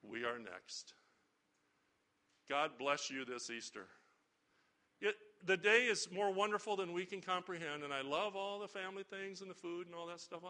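A man's voice: fairly high pitch, sharp tone. A middle-aged man preaching an Easter sermon, folksy and storytelling, rising to emphatic appeals. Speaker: pastor.

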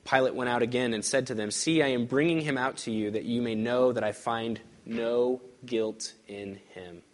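A male pastor delivers a sermon with scripture read aloud. His voice sits at an ordinary middle pitch for a man. He leans hard into stressed words, then sinks to near-hushed lines for effect. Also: moderate pace. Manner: emphatic, swings from loud stresses to hushed lines.

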